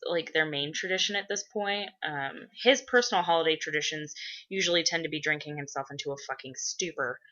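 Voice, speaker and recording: A woman vlogger rambles through viewer questions in a casual, profane way, with her speech full of fillers and sudden loud gushing. Her voice sits a little low but sounds bright and forceful. The recording is dull and lo-fi. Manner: bursts into loud excited gushing. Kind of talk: casual chat.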